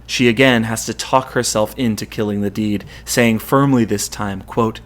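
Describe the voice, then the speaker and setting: A man's voice: lowish voice, steady tone, moderate pace, hardly any pauses. Man retelling a Greek tragedy. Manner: dramatic storytelling with quoted lines. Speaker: podcast host.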